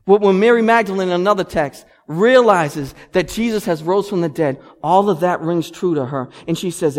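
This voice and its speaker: A man in his thirties preaching a sermon as pastor, animated and building to loud emphatic peaks. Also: high voice, moderate pace, hardly any pauses. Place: church sanctuary. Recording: long hall reverb.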